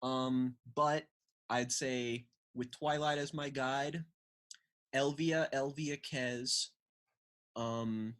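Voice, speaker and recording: A man's voice: mid-range voice, steady tone, drawn-out words, a bit bright. A laid-back man in a casual podcast chat who swears offhandedly. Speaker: podcast co-host.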